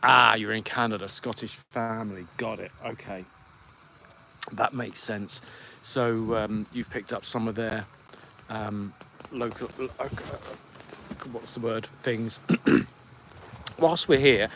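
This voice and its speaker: A man's voice: lowish voice, steady tone, slow, long pauses, pushed and bright, slight background noise. Chatty British man hosting a live stream. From United Kingdom. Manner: chatty, rambling, reads viewer comments aloud. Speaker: podcast host. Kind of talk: casual live-stream chat.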